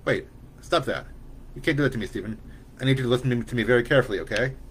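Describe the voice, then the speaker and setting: A man reading the part of a worried, loving young mother who speaks gently but firmly to her son. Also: mid-range voice, very fast, a little hiss or hum, natural voice. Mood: firm, gentle.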